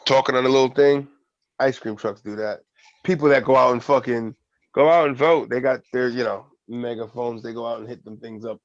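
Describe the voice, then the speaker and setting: A man's voice: mid-range voice, steady tone, brisk, dry recording, lo-fi sound. A man co-hosting a casual podcast, telling a long funny story, swearing often and laughing. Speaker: podcast co-host.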